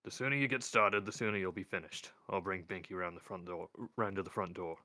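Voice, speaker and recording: A man putting on a gruff old wizard servant, louder and a touch higher than the reader's own low voice, grumbling and defensive in a dry close recording. The old man sniffs and bristles as he talks. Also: fairly quick, no echo.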